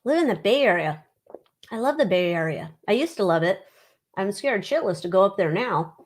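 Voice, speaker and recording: A woman's voice: mid-range voice, expressive, normal speed. Blunt, chatty woman streamer. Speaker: livestream host. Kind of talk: casual chat reading viewer comments.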